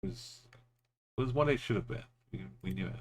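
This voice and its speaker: A man's voice: medium pitch, fairly quick, slightly rough. A man streaming a geography game, musing aloud in short, offhand remarks as he plays. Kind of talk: casual commentary while playing.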